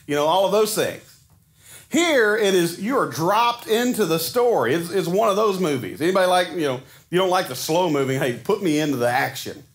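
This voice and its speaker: A man in his forties preaching a sermon in a casual, animated storytelling way, acting out the quotes he tells. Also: high-pitched, fairly quick. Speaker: pastor.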